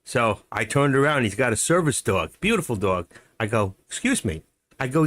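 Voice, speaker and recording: A middle-aged day trader hosts a live stream, his mid-range voice animated and his speed normal. He chats casually while trading, rambling and muttering to himself and chuckling as he tells stories.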